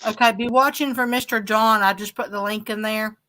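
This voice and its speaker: A woman's voice: on the high side, steady tone, fairly quick, sharp tone. A woman from Arkansas hosting a casual fishing livestream, chatty and giggly. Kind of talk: casual chat.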